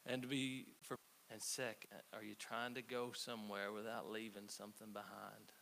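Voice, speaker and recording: A man preaching a conversational sermon, telling stories with halting restarts. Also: lowish voice, little pitch movement, creaky, bright, forceful tone. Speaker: pastor. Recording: faint hiss.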